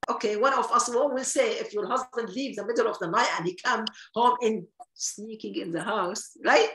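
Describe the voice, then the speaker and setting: A woman retelling a traditional story, animated and acting out the dialogue in quoted voices. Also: a little high, moderate pace, reverberant, rough recording.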